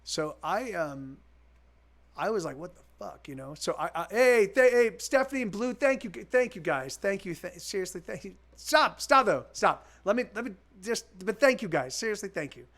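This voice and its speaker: High-voiced man rambling to stream viewers. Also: sing-song, normal speed, a bit bright. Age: 40s. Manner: rambling, full of restarts and repeats; candid, swears freely. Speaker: musician streaming live. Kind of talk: casual chat with stream viewers.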